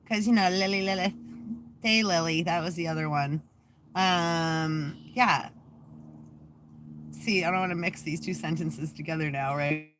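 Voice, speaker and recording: A woman's voice: lowish voice, steady tone, slow, long pauses, a bit bright, a little hiss or hum. A rambling, sarcastic, cursing woman. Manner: profane, sarcastic, laughs a lot; trails off with many fillers and restarts. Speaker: channel host. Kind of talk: casual rambling vlog chat.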